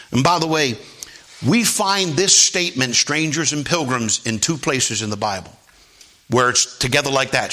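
A male pastor delivering a sermon, swinging between quiet low asides and high, shouted exclamations. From Philadelphia area.

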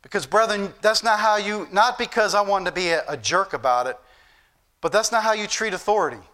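High, bright-voiced preacher man. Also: fairly quick. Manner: storytelling, plays out dialogue with rising emphasis. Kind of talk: sermon.

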